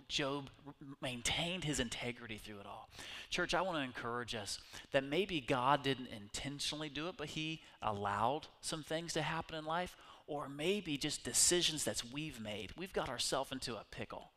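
A middle-aged male pastor preaching a sermon, animated and conversational, speaking directly to his congregation. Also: mid-range voice, moderate pace.

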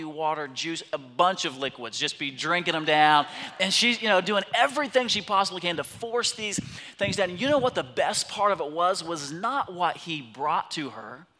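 A man in his thirties preaching a sermon as a pastor, animated and telling stories, swinging between loud bursts and hushed asides. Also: high-pitched. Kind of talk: sermon with storytelling. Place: church sanctuary. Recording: long reverb of a large hall.

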